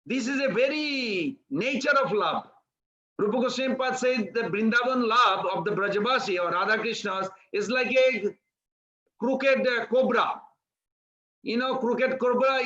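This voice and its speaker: A man giving a devotional sermon, telling a story in an animated way and acting out its characters. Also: sits high, highs cut off. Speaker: preacher.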